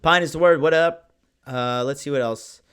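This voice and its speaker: A man hosts a live show in a loose, brash manner, cursing freely and getting worked up as he talks. His voice sits fairly high for a man. He chats straight to his listeners. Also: moderate pace, clean tone. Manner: brash, profane, excitable. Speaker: podcast host. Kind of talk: casual live-stream talk.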